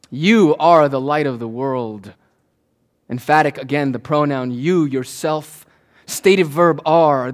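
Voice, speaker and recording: A man preaching a sermon as pastor to his congregation, swinging between loud emphatic lines and hushed asides. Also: a little high.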